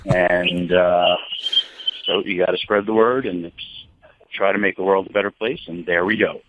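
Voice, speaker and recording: Low-voiced man calling in from a car. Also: fairly even intonation, moderate pace, fairly bright tone. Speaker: phone-in guest. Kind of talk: casual phone chat. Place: in a car while driving. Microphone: phone. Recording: dull phone line with road noise.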